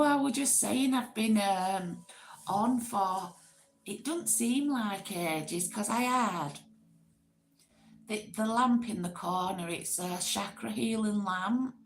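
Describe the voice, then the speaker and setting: A woman's voice: medium pitch, slow pace, gravelly. A woman from Oldham with a Greater Manchester accent, casually chatting to viewers on a livestream and rambling with fillers. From Oldham, England. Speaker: livestream host. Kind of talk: casual live chat reading comments.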